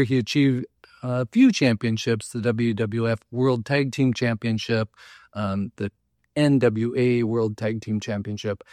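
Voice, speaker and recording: A man's voice: medium pitch, darkish tone, no echo, clean studio sound. A man giving a casual local history talk, chatty, with many fillers and joking asides.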